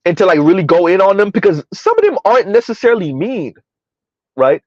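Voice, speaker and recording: A man's voice: sits high, sing-song, brisk, no room sound. Chatty man with a dull lo-fi mic. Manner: rambling, conversational, reads chat aloud. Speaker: commentary streamer. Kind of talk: casual live-stream commentary.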